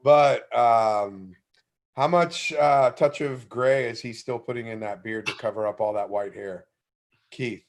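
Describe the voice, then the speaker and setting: A man's voice: medium pitch, measured pace. A man hosting a casual chat, with a blunt, teasing way of talking. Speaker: podcast host.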